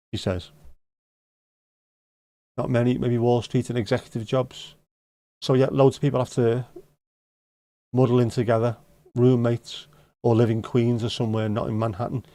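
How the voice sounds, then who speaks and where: A man's voice: medium pitch, mellow, no echo. A middle-aged man hosting a live stream, chatting casually and teasing viewers as he reads out their comments. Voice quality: joking, teasing banter. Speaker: livestream host.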